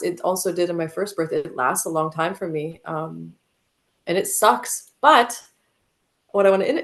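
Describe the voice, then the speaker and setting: A low-voiced American woman with a gravelly fry tells a personal story as a podcast guest. She talks vividly and emotionally, leaning on "like" as she goes. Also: fairly bright tone. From United States.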